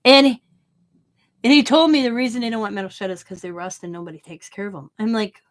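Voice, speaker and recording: A middle-aged woman telling a long story with blunt, animated delivery and casual swearing. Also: fairly high pitch, brisk. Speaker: craft channel host. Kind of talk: casual storytelling while crafting.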